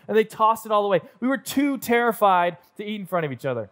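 High-voiced pastor telling a story. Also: male voice, fast talker, few pauses. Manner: self-deprecating, animated storyteller acting out scenes. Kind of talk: sermon storytelling. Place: church auditorium.

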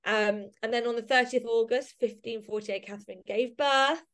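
A woman's voice: fairly high pitch, steady tone, normal speed, a bit bright. A woman guest on a casual podcast interview, talking emotionally with many fillers and restarts. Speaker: podcast guest, society member.

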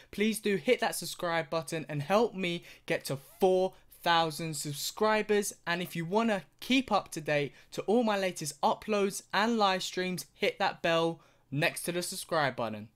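A man's voice: high voice, normal speed, clear, resonant tone. A young man hosting a reaction video, ranting with plenty of swearing and exaggeration. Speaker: YouTuber.

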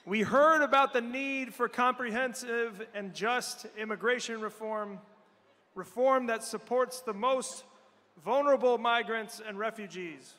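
High, bright-voiced male host in a hall. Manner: formal, measured. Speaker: event host. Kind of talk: introducing speakers. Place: large hall. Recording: echoey hall.

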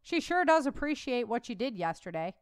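A woman's voice: on the high side, very animated, fairly quick, clear, resonant tone, dry recording, studio quality. A woman voicing a gracious homesteader woman who greets guards politely.

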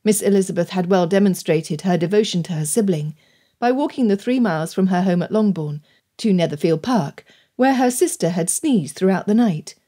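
A woman narrating an audiobook in a measured, even storytelling delivery. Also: mid-range voice. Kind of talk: scripted narration.

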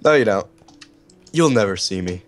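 Excitable swearing man with a stuffy nose. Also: lowish voice, normal speed, a little hiss or hum. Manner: excitable, swears and laughs often. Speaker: gaming channel host. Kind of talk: casual gameplay commentary.

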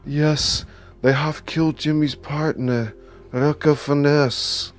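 A calm young Dutch woman, as a male reader puts her on speaks in stiff, formal sentences, slow and measured. The low voice lifts into a higher register, with faint music behind it in a storybook reading. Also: natural voice. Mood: grave.

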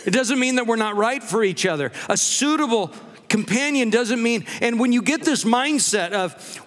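A man preaches to his congregation, and his voice sits high for a man. He moves through jokes and personal stories in an easy, conversational way. His words ring out with a long reverb in a church hall. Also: very animated, moderate pace, fairly bright tone. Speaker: pastor. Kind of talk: humorous sermon. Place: church sanctuary.

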